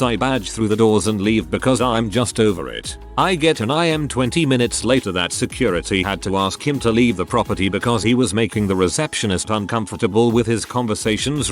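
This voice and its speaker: A man reads online stories aloud in a wry, expressive scripted narration. His voice sits low, yet his pitch swings widely from line to line. Faint music runs beneath him. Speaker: story narrator.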